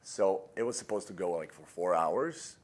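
A man's voice: low-pitched, lively intonation, normal speed, darkish tone. A man with a Serbian accent, a Serbian native speaker, chatting in an interview and rambling with lots of fillers. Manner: rambling with many fillers, like and you know. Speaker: actor guest. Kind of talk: casual interview chat.

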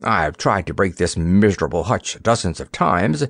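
A man's voice: low voice, very animated, moderate pace, fairly bright tone, no room sound, clean studio sound, pitched below the performer's own voice, exaggerated voice. A man voicing a kindly, protective female hippopotamus who talks sharply and earnestly in an audiobook.

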